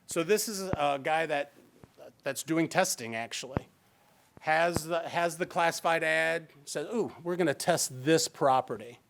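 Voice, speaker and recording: A man with a Midwestern American accent leads a fair housing training session in a library meeting room. His voice sits a little high, and he keeps it conversational, slipping into quoted lines as examples. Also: measured pace, creaky, background noise. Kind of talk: live training presentation.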